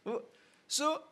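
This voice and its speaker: A man giving a spiritual discourse, often putting rhetorical questions to his listeners. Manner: animated, rhetorical questions to the audience. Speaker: spiritual teacher. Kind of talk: discourse on scripture.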